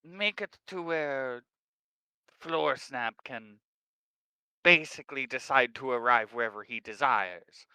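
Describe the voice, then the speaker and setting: A man's voice: medium pitch, takes it slowly, pushed and bright, clear, resonant tone, no room sound, rough recording. A man playing a tabletop game, thoughtfully laying out a plan. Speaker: player. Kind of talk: casual tabletop role-play.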